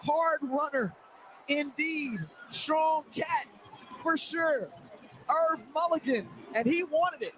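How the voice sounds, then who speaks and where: A man calling a football game as play-by-play announcer, in a brisk broadcast delivery. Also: very high voice, bright, forceful tone, slight background noise, rough recording. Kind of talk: sports commentary.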